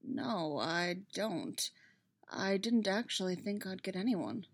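A woman reading aloud, voicing a weary, bruised male prisoner who speaks dryly and flatly. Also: mid-range voice, normal speed, close to an everyday voice. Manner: dry and flat. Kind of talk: fan fiction read aloud.

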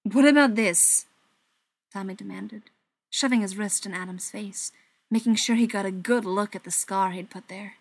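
A woman reading a story aloud in an even, soft narrating voice that sometimes drops to a whisper. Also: mid-range voice, moderate pace, vocal fry, no room sound.

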